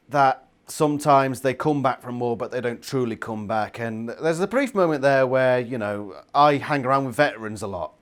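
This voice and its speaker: Sweary ranting man. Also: mid-range voice. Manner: swears constantly, exasperated ranting. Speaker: book reviewer. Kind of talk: casual book review rant.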